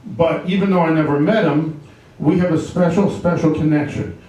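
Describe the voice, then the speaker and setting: A man doing a stand-up comedy set in a comedy club, delivering deadpan one-liners with pun punchlines. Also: a little high, moderate pace, far from the mic. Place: live comedy club with audience. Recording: echoey club room, mic heard from afar.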